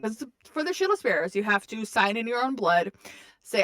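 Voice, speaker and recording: A woman's voice: a little high, animated, measured pace, fairly bright tone, no echo. A woman co-hosting a casual podcast, recapping a book in a chatty, profane way, laughing often and acting out the characters' lines. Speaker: podcast co-host.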